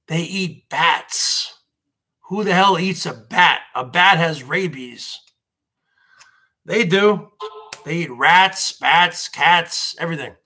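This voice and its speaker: A man rambles through a livestream monologue in a high, bright, slightly tense voice. He takes his time and drags out his phrases. He keeps repeating himself and turning to his viewers as folks. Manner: ranting, repetitive, keeps addressing viewers as folks. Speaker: livestream host.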